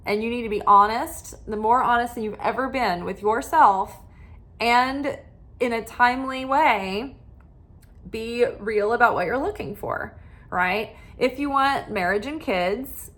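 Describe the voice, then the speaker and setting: A woman's voice: on the high side, a bit bright. A middle-aged woman giving spiritual love advice as a tarot reader, talking animatedly and acting out the voices of people she quotes.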